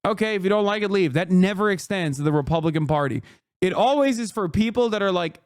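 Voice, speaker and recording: A man's voice: high-pitched, fast, clean tone, no echo, studio quality. Profane, sarcastic man streamer. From Turkey. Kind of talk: live-stream reaction and rant.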